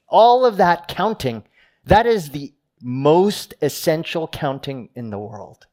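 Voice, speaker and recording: A middle-aged man preaching a sermon to a congregation, rising high for quoted boasts and sinking low and quiet for solemn lines. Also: animated, takes it slowly. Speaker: pastor.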